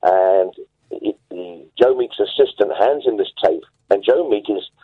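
A man's voice: lowish voice, measured pace, slightly rough. Rambling male caller on a tinny phone line. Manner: enthusiastic, rambling, self-assured. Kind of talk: phone-in storytelling. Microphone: telephone.

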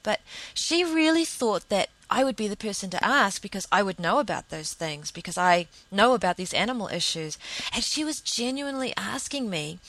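A woman's voice: medium pitch, a bit bright, dry recording, low-quality recording. A young woman hosting a podcast, talking in a casual, reflective monologue that rambles earnestly through fillers and restarts. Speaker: podcast host.

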